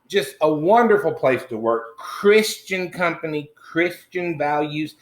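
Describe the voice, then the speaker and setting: A man's voice: on the high side, fairly bright tone. A man playing a middle-aged country man, telling a meandering, folksy comic story full of crude asides. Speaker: comedy character host. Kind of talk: improvised comic monologue. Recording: roomy echo.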